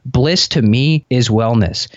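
A man who is a podcast guest, telling long, reflective stories in an earnest, relaxed conversational way over a remote call. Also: mid-range voice, takes it slowly, dry recording, muffled recording.

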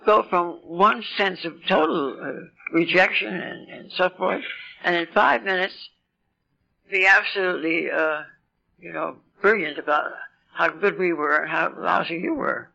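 An elderly woman in her eighties with a deeply gravelly voice and a bright, sharp edge tells her life story at a recovery meeting. She rambles and pokes fun at herself with wry asides. The sound is dull and lo-fi, like an old meeting tape. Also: a little slow. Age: 80s. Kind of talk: personal recovery story talk.

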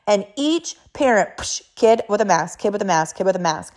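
A woman's voice: mid-range voice, animated, moderate pace. A middle-aged woman, a mother, telling a personal story in an emphatic, repetitive way.

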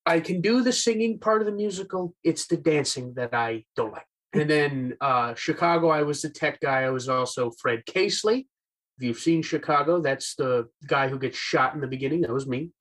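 A man's voice: fairly high pitch, normal speed, fairly bright tone, poor audio. Chatty young man on a video call. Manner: chatty, self-deprecating, many fillers. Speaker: podcast guest, voice actor. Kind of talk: casual chat.

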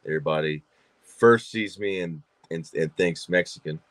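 Speaking at a normal speed in a low-sitting voice, a Georgia-born actor and filmmaker swaps stories as a podcast guest. His casual talk is loaded with fillers and repetitions, captured in a dry recording.

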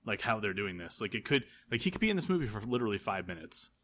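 Guy rambling on a podcast, kinda low voice but bright, tons of "like" and "um". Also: very animated, rapid-fire. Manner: rambling, filler-heavy, laughs often. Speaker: podcast co-host. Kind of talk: casual chat.

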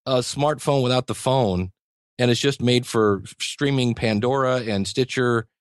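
A man's voice: mid-range voice, measured pace, smooth, dry recording, clean studio sound. A man talking as an interview guest, rambling and enthusiastic about his field. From United States. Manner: rambling and enthusiastic, many restarts and chuckles. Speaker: podcasting teacher, guest. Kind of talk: conversational interview.

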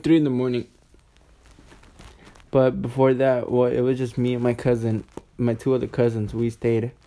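A young man of about eighteen tells a long storytime tale in a loose, rambling way. He swears freely, leans on "like" and restarts his sentences over and over. His voice sits at an ordinary pitch for a man. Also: warm tone. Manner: rambling, profane, full of "like" and restarts. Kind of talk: casual storytime monologue.

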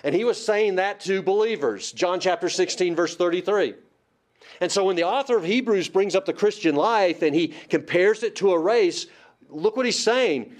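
A man's voice: fairly high pitch, a little mellow. A man preaching a sermon, emphatic and asking the congregation rhetorical questions. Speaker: pastor.

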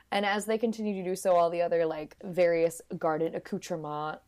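A woman's voice: lowish voice, steady tone, fairly quick, few pauses, darkish tone, clean tone. A woman casually and playfully recapping a film in conversation, acting out characters in silly voices. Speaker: podcast co-host recapping a film. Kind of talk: casual chat.

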